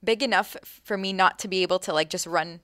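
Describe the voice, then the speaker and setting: A young woman chatting casually, telling a lively story full of fillers and acted-out thoughts. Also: lowish voice, quick pace, dry recording, clean studio sound. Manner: animated, many fillers, acts out her own thoughts.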